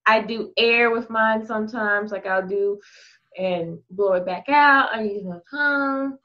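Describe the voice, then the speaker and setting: A woman guest on a podcast, telling an explicit anecdote in a frank, lively, casual way. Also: medium pitch, unhurried, lo-fi sound. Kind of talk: casual candid storytelling.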